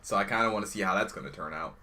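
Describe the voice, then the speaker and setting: A man's voice: deep voice, very fast, bright, forceful tone. A man co-hosting a casual podcast chat in a laid-back way, laughing often. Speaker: podcast co-host.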